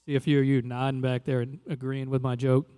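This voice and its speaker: A young adult man from Louisiana doing a stand-up comedy set in a loose, conversational way, jumping into animated quoted voices. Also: medium pitch, quick pace, clear, resonant tone, long reverb tail. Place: live comedy venue.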